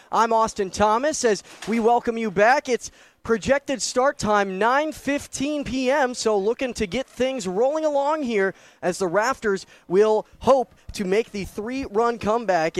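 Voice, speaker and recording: A man's voice: very high voice, no echo. A young man calling a baseball game on the radio, upbeat and chatty, a little out of breath. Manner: upbeat, chatty, apologizes for slips. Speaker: baseball play-by-play announcer. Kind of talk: live radio play-by-play commentary. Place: ballpark press box in rain.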